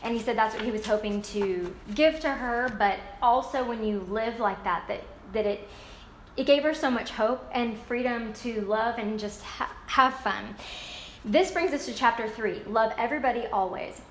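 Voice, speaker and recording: A woman's voice: a little high, moderate pace. A woman retelling a book's story in a casual, gushing, enthusiastic way. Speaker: book recap speaker. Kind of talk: casual book recap. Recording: roomy echo, faint ambient noise.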